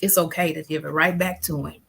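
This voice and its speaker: A woman's voice: sits low, gravelly, fairly bright tone, slight background noise. A woman in her fifties hosting a faith-based interview from home over a video call. She speaks earnestly as a grief counselor and repeats key lines like rhetorical preaching. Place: at home with family around.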